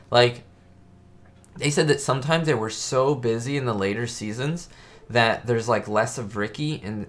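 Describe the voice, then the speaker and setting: Rambling man hosting a live chat. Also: medium pitch. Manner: rambling, full of "like" fillers. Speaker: host of a live chat stream. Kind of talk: casual live-stream chat.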